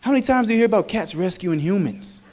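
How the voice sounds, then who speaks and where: High-voiced man preaching with humor. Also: fast, a crowd in the background. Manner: animated, humorous, conversational preaching. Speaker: minister. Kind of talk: sermon.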